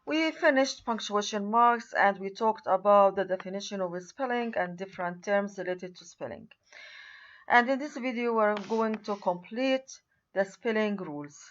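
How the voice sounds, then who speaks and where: A woman's voice: medium pitch, moderate pace, lo-fi sound. A woman lecturing on a recorded university writing lesson, who repeats key words and points at examples on screen.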